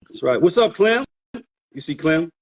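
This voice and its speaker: A man's voice: fairly high pitch, big pitch swings, unhurried, background noise. A middle-aged man, a father co-hosting a casual podcast, telling stories and repeating words as he thinks. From New York. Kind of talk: casual chat.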